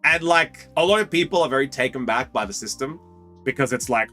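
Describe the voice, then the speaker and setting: A man's voice: mid-range voice, expressive, moderate pace, pauses often, pushed and bright, soft background music. A young Australian man chatting casually on a card-opening stream, rambling and slangy and often repeating himself. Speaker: streamer opening trading cards. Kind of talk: casual live chat.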